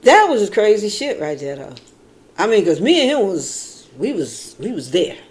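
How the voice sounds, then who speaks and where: A woman vlogging in casual talk, rambling and animated, dropping from quiet and low to loud outbursts, swearing freely. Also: moderate pace. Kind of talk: casual storytelling.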